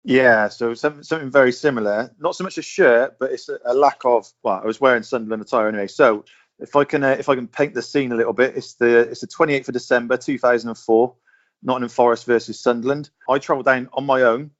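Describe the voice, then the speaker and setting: A man telling a casual story on a podcast call in a measured way, carefully setting the scene. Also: mid-range voice, steady tone, highs cut off. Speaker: podcast guest.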